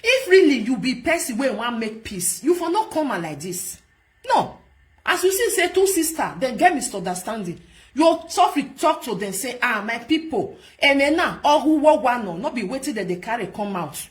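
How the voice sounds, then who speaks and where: A woman's voice: on the high side, normal speed. Scolding Nigerian Pidgin woman. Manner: scolding, repetitive, animated. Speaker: vlog host. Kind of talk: casual commentary rant.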